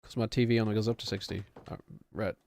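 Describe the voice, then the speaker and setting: A man's voice: on the low side, fairly even intonation, quick pace, gravelly, a little mellow. A man streaming a game, chatting in a rambling, self-deprecating way. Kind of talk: casual chat while gaming.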